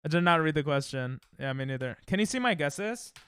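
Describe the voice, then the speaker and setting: A young male streamer chats casually and reacts out loud as he plays, his slightly high voice smooth and clear. He sounds a little tired, and his pitch swings widely. The sound is dry and close. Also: brisk, dry recording. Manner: excitable, reactive, thinks aloud. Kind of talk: casual live-stream chat while playing games.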